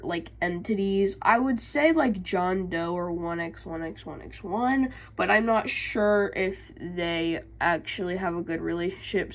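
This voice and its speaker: A woman's voice: lowish voice, vocal fry, rough recording. A woman casually recapping video game lore, hesitant, with many fillers and self-corrections. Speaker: YouTube creator.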